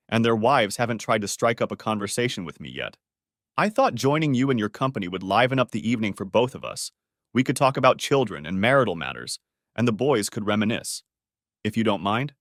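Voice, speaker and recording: A man's voice: lowish voice, big pitch swings, quick pace, a bit bright, dry recording, studio quality. A man voicing a charming, confident young French wife who teases and persuades with poise.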